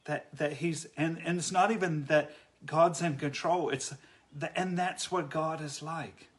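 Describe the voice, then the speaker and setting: Earnest man with halting speech. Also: fairly high pitch, steady tone. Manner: earnest, halting, many restarts. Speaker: Christian speaker. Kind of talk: reflective faith talk.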